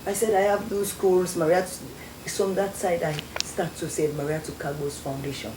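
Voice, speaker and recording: Young Sierra Leonean woman, guest, lively storyteller; low warm voice, echoey room. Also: normal speed. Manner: animated storyteller acting out quoted voices. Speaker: guest, former beauty queen. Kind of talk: storytelling interview. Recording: echoey studio with faint noise.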